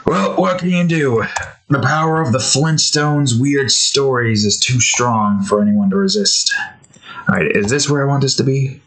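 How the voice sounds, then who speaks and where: A man's voice: mid-range voice, moderate pace, fairly bright tone. Rambling man chatting while drawing. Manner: rambling, laughing, meandering tangents. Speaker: artist and channel host. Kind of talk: casual drawing commentary.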